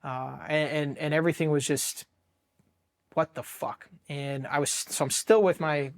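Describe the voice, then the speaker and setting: A man's voice: a little high, fairly even intonation, measured pace. A man in his thirties from Ohio, a military veteran telling his story candidly, blunt and heavily profane, with flashes of emotion. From Ohio, USA.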